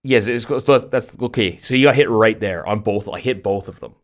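Middle-aged man, casual podcast chat, low voice, animated storytelling. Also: a little fast. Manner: animated storytelling, many restarts and laughs. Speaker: podcast co-host.

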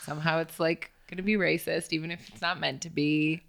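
A woman's voice: low-pitched, little pitch movement, brisk, creaky, fairly bright tone. A woman hosting a podcast, chatting casually in a playful, jokey way. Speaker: podcast host. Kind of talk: casual interview chat.

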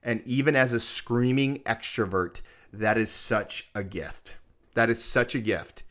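Emphatic man preaching a practical sermon. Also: unhurried. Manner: emphatic, repeats key phrases, energetic swings in pitch and volume. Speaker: pastor.

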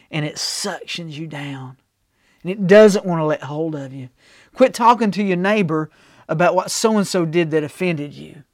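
A male pastor preaching a sermon, telling folksy stories and swinging from loud to soft. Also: high voice, no echo, studio quality. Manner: folksy storytelling with big swings in loudness.

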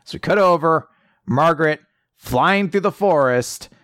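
A man casually recapping a story chapter on a podcast, animated and swearing, popping into quick funny voices for the characters. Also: on the high side, no room sound, clean studio sound.

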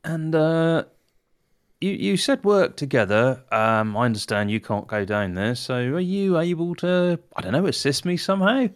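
A man voicing his own character at a tabletop game, wry and easygoing. His pitch swings widely and stays lively as he talks. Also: moderate pace. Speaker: player.

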